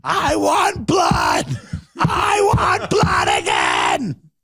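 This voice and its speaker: A man voicing a cruel, ranting male mayoral candidate, giving drawn-out, shouted speech lines in a mock-rousing way. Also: very high-pitched, faint music behind, voice pushed up, heavily acted. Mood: bloodthirsty.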